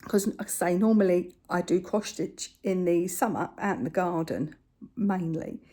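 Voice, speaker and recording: An older woman with a husky voice, chatting casually to camera about her crafts as she walks around her kitchen holding the phone. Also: on the low side, normal speed, mellow. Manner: chatty, rambling, talks to her cat and viewers. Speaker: craft vlogger. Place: home kitchen, indoors.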